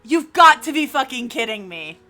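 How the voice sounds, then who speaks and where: A woman's voice: high-pitched, very animated, normal speed, sharp tone, faint music behind. A woman from New Jersey streaming live in a casual chat, cursing often and restarting her sentences. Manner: frustrated, swears freely, lots of restarts.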